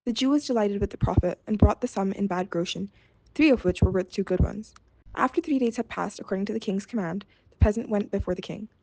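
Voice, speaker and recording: A woman storyteller reading a fairy tale aloud in a steady, measured way. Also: mid-range voice, vocal fry, dry recording.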